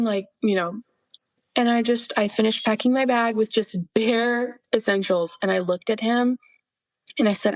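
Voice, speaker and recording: A woman's voice: a little high, fairly even intonation, moderate pace, no room sound. A young woman guest on a podcast, earnestly telling her personal faith testimony, quoting herself and laughing through hard memories.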